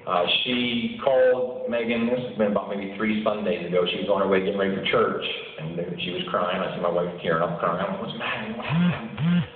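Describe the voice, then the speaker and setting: A man's voice: low voice, little pitch movement, fast talker, hardly any pauses. A man in his thirties, a teacher giving an enthusiastic personal testimonial, storytelling and chuckling as he talks. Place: meeting room. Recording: distant, tinny, echoey hall recording.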